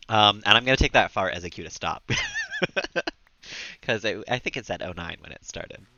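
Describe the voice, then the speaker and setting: Giggling as he chats with viewers and his pet, a man streams a game from a room at home, offering casual commentary. His fairly low voice is animated yet a little slow, creaky and sharp, with long pauses. Slight background noise sits under the slightly dull stream mic audio.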